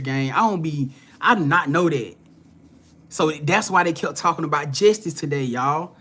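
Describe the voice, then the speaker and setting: The voice is male, on the high side and a bit bright, moving at normal speed. He's a young host of a spiritual reading stream, chatting in laid-back slang, greeting viewers by name, and regularly swearing and laughing.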